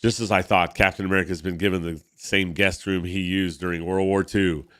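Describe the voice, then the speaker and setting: A man's voice: low-pitched, little pitch movement, fairly quick, a bit bright, no echo, studio quality. A man reading as a cold scheming vampire baron. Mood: menacing. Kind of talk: reading a comic aloud.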